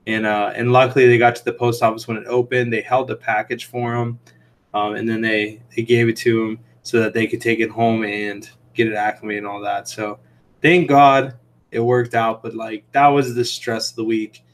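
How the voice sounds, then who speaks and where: A man's voice: on the low side, flat delivery, normal speed. A man hosting a casual livestream from a home room lined with fish tanks, telling stories in a rambling way full of "like" and "um". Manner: chatty, tells anecdotes. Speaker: livestream host and aquarium shrimp seller.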